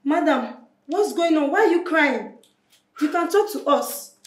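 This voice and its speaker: A woman's voice: high-pitched, lively intonation, measured pace, reverberant. An actress with a Nigerian accent playing a woman who insistently presses the crying mother with questions. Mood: pressing.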